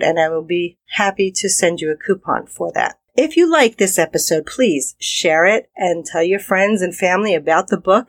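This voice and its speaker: A woman's voice: on the low side, no echo. A woman hosting a self-help podcast, talking straight to the listener in an encouraging, conversational way. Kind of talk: motivational podcast monologue.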